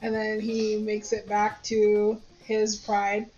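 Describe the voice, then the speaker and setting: A medium-pitched woman takes her time as she chats with friends while gaming, the recording roomy with game music and the highs cut off. An animated storyteller, she retells a movie plot and swears casually.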